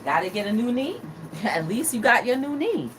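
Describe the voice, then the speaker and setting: Woman host, lively and high-pitched, unhurried, playful live chat over steady background noise. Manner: animated, playful, dramatic exclamations. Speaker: talk show host reading live chat. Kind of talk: casual live-stream chat.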